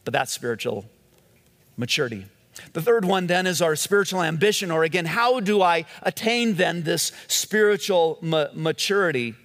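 A man's voice: on the high side, lively intonation, moderate pace, a bit bright, big-room sound. A male pastor giving a sermon in a conversational storytelling way, often restarting his phrases.

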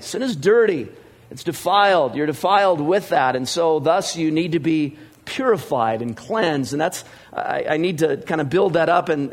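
A middle-aged pastor with a fairly high-pitched voice delivers a sermon in a conversational, storytelling way, full of fillers and lively acted-out dialogue.

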